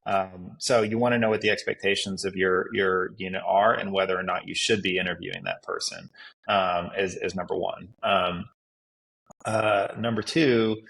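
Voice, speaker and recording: Gravelly low-voiced male detective. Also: moderate pace, fairly bright tone, poor audio. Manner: instructive, lays out numbered advice. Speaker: police detective, guest. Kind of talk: podcast conversation.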